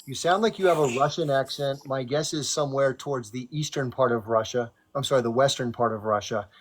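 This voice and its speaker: A man's voice: medium pitch, fairly quick. A man hosting a live stream debate, firmly cutting in to keep order. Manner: firm, cuts in to keep order. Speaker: live stream host and moderator.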